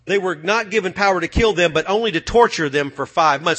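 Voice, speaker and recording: A man preaching a sermon, swinging from loud, fiery passages to low, muttered asides. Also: a little fast, hardly any pauses.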